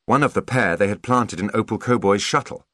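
In clean studio sound with no reverb, a man reads audiobook narration from a script. His voice runs low, and his storytelling is measured yet expressive.

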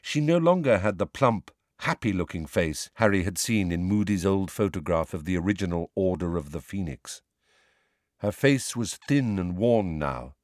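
A man giving a measured, expressive audiobook narration. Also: sits low, no room sound, studio quality.

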